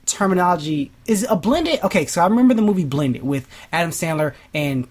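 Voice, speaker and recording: Animated woman telling a story. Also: brisk. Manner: animated storyteller, acts out quotes in high voices, laughs often. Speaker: podcast co-host. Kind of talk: casual chat.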